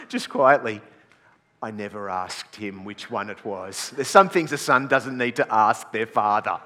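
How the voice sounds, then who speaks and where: A man's voice: lowish voice, expressive, unhurried, bright, forceful tone. Man preaching in a reverberant hall. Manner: self-deprecating, chatty, many restarts. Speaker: pastor. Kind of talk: storytelling sermon. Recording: long reverb in a large hall.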